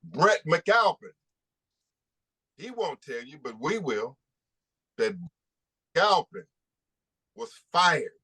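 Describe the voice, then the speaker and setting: A man's voice: fairly high pitch, big pitch swings, takes it slowly, long pauses, sharp tone, husky. A man, an attorney hosting a press conference, speaking emphatically and repeating rhetorical questions.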